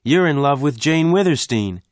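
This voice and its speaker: A man's voice: on the high side, lively intonation, moderate pace, dry recording, voice pushed up, close to an everyday voice. Defiant young cowboy voiced by a male reader, raised tense voice, dry close recording. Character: proud young male ranch rider, defiant.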